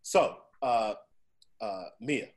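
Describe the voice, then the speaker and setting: Speaking very slowly in a medium-pitched voice, this forty-something man hosts a casual podcast chat, telling stories packed with profanity and asking "right?" to keep his listener engaged.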